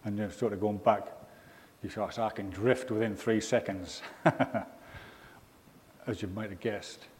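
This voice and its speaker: A man's voice: fairly low pitch, steady tone, slow pace, long pauses, a little mellow, a little hiss or hum. A man from England giving an informal, rambling sermon in a church, full of ums and asides. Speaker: preacher. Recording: reverberant church hall.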